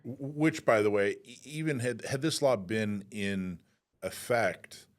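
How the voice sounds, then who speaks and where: A man's voice: on the low side, unhurried. A man hosting a talk radio interview, conversational, with restarts, building to pointed questions. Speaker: host.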